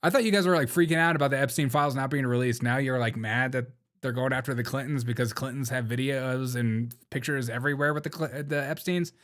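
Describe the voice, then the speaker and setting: A man hosts a live stream in a casual, slangy way. He laughs often and mocks what he reacts to, at an ordinary male pitch. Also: fast talker, a bit bright. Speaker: live-stream show host.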